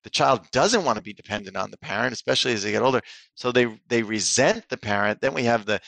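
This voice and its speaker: A man with a gravelly, mid-range voice talks as a therapist guest on a podcast. He tells stories with energy and slips into the voices of the people in them. The sound is close and dry, with no room echo. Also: mid-range voice, quick pace. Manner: animated storyteller, acts out quoted people. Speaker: psychotherapist and author, guest. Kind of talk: casual interview talk, storytelling.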